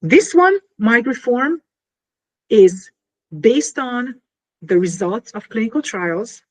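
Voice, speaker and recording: During an interview, a woman explains her invention casually and with animation, full of fillers and small acted-out scenes. Her pitch is fairly high and she speaks slowly.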